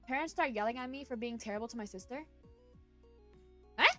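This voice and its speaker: A woman's voice: a little high, fairly quick, faint music behind. Woman streamer reading posts with outbursts. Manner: swings from reading to loud cursing outbursts. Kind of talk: reading posts aloud and reacting.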